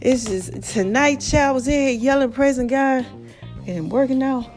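Female podcast host, high pitch, hoarse and worn out, preachy, animated delivery. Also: moderate pace, soft background music. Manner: preachy, animated, calls listeners baby and child. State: voice cracking, tired. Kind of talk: casual motivational talk.

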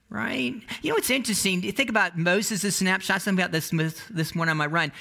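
A male pastor with a high voice preaches in a chatty, lively storytelling manner. His tone is bright and forward, and he often stops mid-sentence to restart. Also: fairly quick, vocal fry. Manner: conversational, animated storytelling with many restarts. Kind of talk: sermon.

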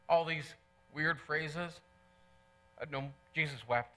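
A man's voice: a little high, slow pace, long pauses, fairly bright tone. A middle-aged male pastor preaching a sermon in church, earnest and conversational, repeating key phrases for emphasis.

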